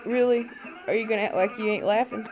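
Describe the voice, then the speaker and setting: A woman's voice: fairly high pitch, fairly even intonation, quick pace, dull audio. A woman who is sick and under the weather, filming at home with a handheld camera and teasing and coaxing her baby in playful baby talk. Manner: coaxing, teasing, sing-song.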